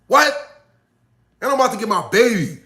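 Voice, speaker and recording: This battle rapper is hanging out live with his fans, talking loosely with plenty of slang and swearing, his energy rising and falling between excitement and calm. He sounds very high-pitched, expressive, pushed and bright, speaking a little fast. There's noticeable reverb.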